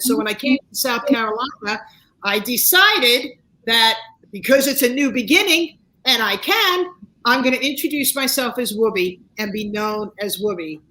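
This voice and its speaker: An animated woman in her sixties, guesting on a talk show. She tells personal stories and gives motivational advice, her voice sitting a little high for a woman. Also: low-quality recording. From United States. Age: 60s. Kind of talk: casual interview chat.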